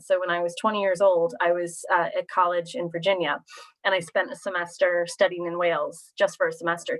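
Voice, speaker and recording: A woman from Pennsylvania in her thirties, giving a chatty, informal presentation on a video call. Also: on the low side. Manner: chatty, friendly, lots of fillers. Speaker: university recruitment presenter.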